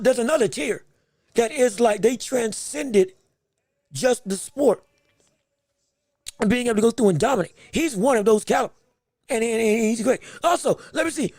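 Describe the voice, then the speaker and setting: A man's voice: very high voice, darkish tone, breathy edge, no room sound, studio quality. A man hosting a podcast, giving emphatic live fight commentary with repeated phrases and joking banter with the chat. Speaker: podcast host.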